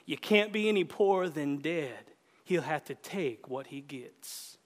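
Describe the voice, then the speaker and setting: A detached young country boy answers in a dry, offhand way, as a man reading a story puts him on. The voice is raised high and rings in a hall with a long reverb. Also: lively intonation, a little slow.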